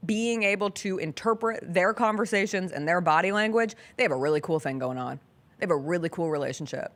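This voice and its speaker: A woman hosts a sports radio talk show, chatting casually and animatedly and laughing often. Her voice is fairly low in pitch with a fairly bright tone.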